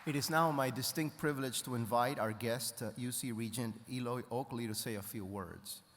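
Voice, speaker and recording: A man serving as provost at a ceremony, introducing speakers in a measured, formal way. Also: mid-range voice, a bit bright, long reverb tail, a faint crowd, a little hiss or hum. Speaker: university provost.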